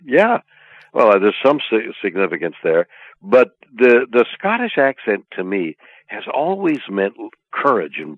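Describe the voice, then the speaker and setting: An older man from Canada speaks from deep in his chest, pausing over long fillers and turning playful between them. The line is thin and tinny, like a phone call, and completely dry with no room around it. He sounds like a guest chatting loosely with his host. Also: no echo. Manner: halting, many drawn-out fillers, playful. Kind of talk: casual interview chat.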